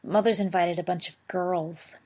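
A woman's voice: lowish voice, steady tone, measured pace, a little mellow. A woman voicing a mischievous, defiant boy who talks fiercely and cheekily. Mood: sullen.

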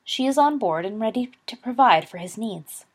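A woman voicing an elderly, calm male wizard headmaster who speaks in a courtly, gently assured way. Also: a little high, normal speed, pitched above the performer's own voice.

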